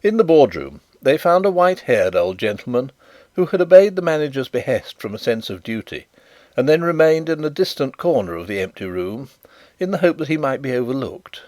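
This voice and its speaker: A man narrating a classic mystery audiobook in an even storytelling manner. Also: mid-range voice, brisk, no room sound.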